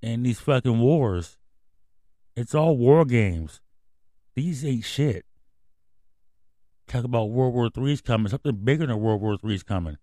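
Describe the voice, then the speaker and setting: A man's voice: mid-range voice, lively intonation, measured pace, long pauses, warm tone, no echo, clean studio sound. A man hosting a comedy radio show, ranting in a profane, rambling, conspiratorial way. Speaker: host. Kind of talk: casual radio rant.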